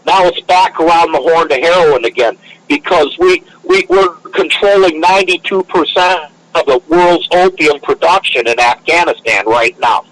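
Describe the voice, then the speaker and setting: A man's voice: a little high, moderate pace, a bit bright, poor audio. A man in a casual podcast chat, ranting in an emphatic, conspiratorial way.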